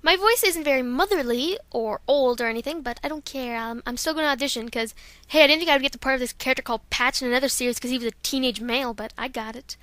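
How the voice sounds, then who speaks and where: A woman's voice: high-pitched, fast, a bit bright, no echo. A young woman chatting casually into a close home mic, rambling and self-deprecating between her voice-acting takes. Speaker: amateur voice actor. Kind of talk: casual vlog chat.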